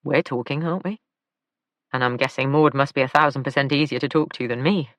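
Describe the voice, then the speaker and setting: A woman reading a tired, injured man who talks softly and apologetically in an audiobook. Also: rumbling low, fairly quick, dry recording. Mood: weary.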